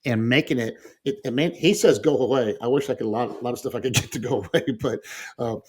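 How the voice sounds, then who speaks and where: A middle-aged man chats as a podcast guest, spinning family stories with fillers and easy chuckles. His voice sits at an ordinary middle pitch. He slips into lively mimicry of the people he describes. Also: quick pace. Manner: animated storyteller who acts out quoted voices, with frequent fillers and chuckles. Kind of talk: casual conversational storytelling.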